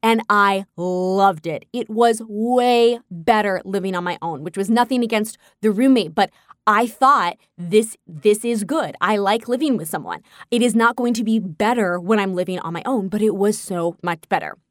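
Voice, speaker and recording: Woman just chatting about her life, candid, animated bits, dead dry close mic. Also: medium pitch, normal speed, dry recording. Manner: candid, animated when quoting herself, laughs often. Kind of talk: casual personal storytelling.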